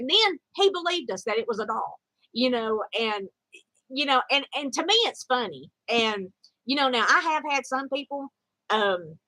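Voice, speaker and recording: A woman's voice: on the high side, bright, forceful tone, dry recording, rough recording. A middle-aged woman, telling a casual story in a rambling way with lots of fillers and restarts. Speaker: vlogger.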